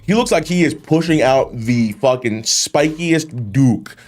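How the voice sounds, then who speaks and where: A man's voice: mid-range voice, unhurried. This is a man doing casual reaction commentary on wrestling, and his voice swings widely up and down as he talks. He is loose and profane, laughs often and trips over his own sentences. A faint bed of music sits behind him. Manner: animated, swearing, laughs often, rambling restarts.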